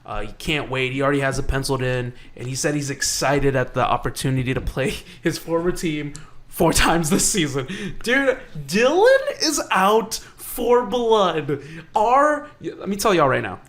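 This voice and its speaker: A man co-hosting a sports podcast, talking excitably in casual chat, often restarting and swearing. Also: medium pitch, a little fast. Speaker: podcast co-host.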